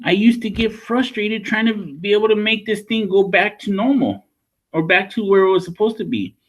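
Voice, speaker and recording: A man's voice: high voice, a bit bright. A man working as a school counselor, talking a class of children through a lesson in a conversational way and checking in often with "right?" and "okay?".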